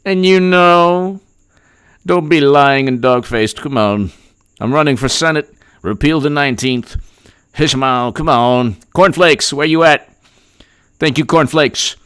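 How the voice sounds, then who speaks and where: A man's voice: fairly high pitch, measured pace, a bit bright, clean tone, dry recording, studio quality. A man doing an impression of a rambling, folksy elderly politician who repeats catchphrases and jumbles his words. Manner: mumbling, repetitive catchphrases, jumbled.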